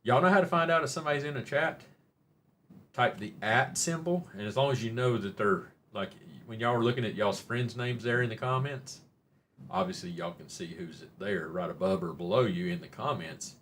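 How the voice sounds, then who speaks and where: A man with a Southern Oklahoma drawl hosts a loose live stream chat, wandering from topic to topic and teasing his viewers in a folksy way. His voice sits a little low. A faint hum of noise runs underneath. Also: moderate pace, fairly bright tone. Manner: rambling and folksy, jokes with chat, says y'all.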